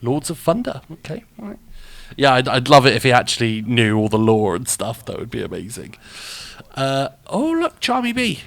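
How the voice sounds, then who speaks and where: A man's voice: mid-range voice, animated, normal speed, gravelly, fairly bright tone, no room sound. A man hosting a live show in a rambling, chatty way, laughing often as he reacts to what he sees and reads out. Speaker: radio show host and streamer. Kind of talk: casual live-stream chat.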